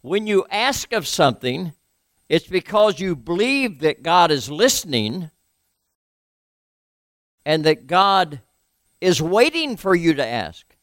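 A male pastor giving a sermon in a conversational way, asking his listeners questions and letting his voice drop low and soft at times. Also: big pitch swings, slow pace, pauses often, dry recording, clean studio sound.

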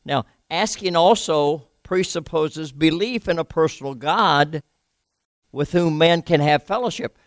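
A male pastor giving a sermon in a conversational way, asking his listeners questions and letting his voice drop low and soft at times. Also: unhurried, no room sound, clean studio sound.

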